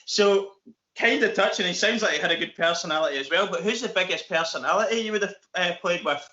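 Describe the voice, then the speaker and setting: A Northern Irish man hosting a casual interview, eager and chatty, quick to laugh. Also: high-pitched, bright, forceful tone, echoey room, lo-fi sound. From Northern Ireland. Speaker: interview host.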